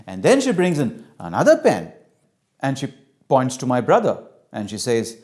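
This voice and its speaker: Animated man teaching by story. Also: medium pitch, moderate pace. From India. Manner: animated, acts out dialogue. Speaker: cultural intelligence trainer. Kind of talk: storytelling lecture.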